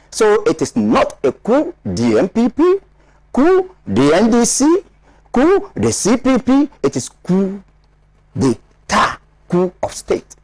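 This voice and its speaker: A man's voice: high voice, darkish tone, husky, no room sound. A man from Ghana, a studio panelist, lecturing in an emphatic, explaining manner with many repetitions. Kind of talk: studio discussion analysis.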